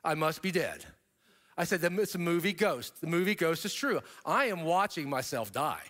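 A middle-aged man giving a keynote talk, telling a story in a lively way and turning to the audience with casual asides. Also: moderate pace. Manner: animated storyteller, pitch jumping up for emphasis. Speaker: keynote speaker. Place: stage before an audience.

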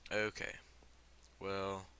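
A man's voice: deep voice, completely flat delivery, extremely slow, bright, forceful tone, a little hiss or hum. A young man giving casual, filler-heavy gameplay commentary, given to startled outbursts. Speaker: let's play gamer.

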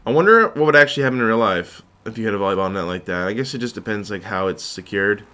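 A man's voice: lowish voice, lively intonation, quick pace, sharp tone. A young man giving rambling, jokey commentary over his own gameplay footage. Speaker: gaming video host.

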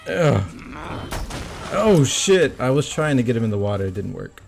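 A man giving casual commentary on his own gameplay, swearing often and breaking into excited yelps and groans. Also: mid-range voice, normal speed, creaky, slight background noise.

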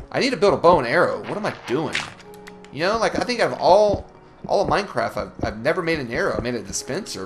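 A young man talks through his game session with lively, swooping pitch, taunting the monsters and cursing when things go wrong. Clear music from the game plays under his voice the whole time. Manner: animated, swears, trash-talks the monsters. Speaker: gaming channel host. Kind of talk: Let's Play commentary.

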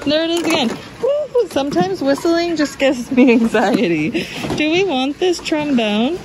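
A woman chatting casually through a shop-with-me vlog, excitable and laughing often as she shows her thrift finds. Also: sits high, normal speed, background noise. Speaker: thrift reseller vlogger. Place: busy thrift outlet store, then at home.

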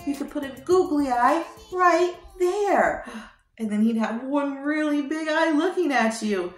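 A woman's voice: high voice, lively intonation, unhurried, reverberant, soft background music. A woman hosting a children's show, teaching toddlers in a sing-song, coaxing way and prompting them to repeat words.

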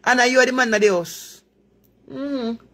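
A woman's voice: a little high, unhurried, sharp tone. A Jamaican woman hosting a live stream, giving earnest moral advice in patois-laced talk. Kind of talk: preachy live chat.

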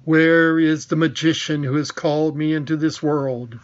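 A man's voice: a little high, fairly even intonation, normal speed, muffled recording, close to an everyday voice. A man voicing a proud, cruel witch queen who gives orders with scorn. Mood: imperious. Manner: commanding, scornful.

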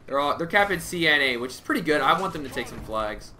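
Excitable young man narrating gameplay. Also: on the high side, fast talker, music in the background. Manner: excitable, swings from muttering to yelling in frustration. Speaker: gamer streamer. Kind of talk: live gameplay commentary.

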